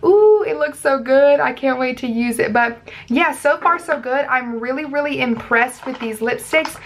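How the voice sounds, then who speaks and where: A woman's voice: high-pitched, a bit bright. A young woman, chatting casually as a beauty vlogger reviewing makeup and gushing over each product. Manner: gushing, chatty, lots of fillers.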